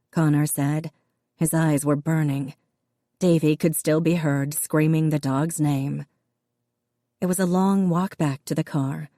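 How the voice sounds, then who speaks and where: Low, dark-voiced woman narrating an audiobook. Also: fairly even intonation, unhurried, no room sound, clean studio sound. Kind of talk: scripted narration.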